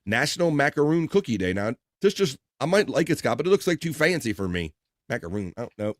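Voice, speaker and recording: A man's voice: mid-range voice, sing-song, fast talker, no echo, studio quality. A man hosts a live stream. He chats casually, reads out viewer comments, jokes and swears now and then. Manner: rambling, joking, swears casually.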